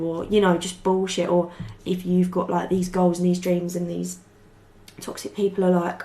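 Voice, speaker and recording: A woman's voice: fairly low pitch, monotone, moderate pace, warm tone. Casual, chatty woman reading tarot. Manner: chatty, rambling, swears freely, peppered with "like". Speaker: tarot reader.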